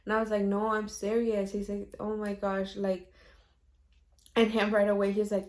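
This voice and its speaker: A woman's voice: medium pitch, completely flat delivery, moderate pace, a little mellow. A young woman vlogger telling a personal story in a casual, chatty way, laughing often and slipping in Spanish phrases.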